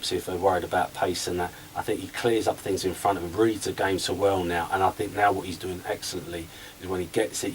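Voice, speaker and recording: A former footballer talks as a radio guest, his low voice set a little back from the mic. He tells lively stories and acts out both sides of old conversations. Faint hiss runs under the recording. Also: distant mic, low-quality recording. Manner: animated storyteller, acts out conversations. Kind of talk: radio interview chat.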